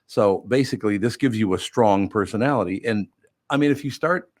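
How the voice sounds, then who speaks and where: A man's voice: fairly low pitch, fairly quick, a little mellow, dry recording, clean studio sound. An older man hosting a radio show, chatting casually in a wry, rambling, self-mocking way. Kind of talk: casual chat.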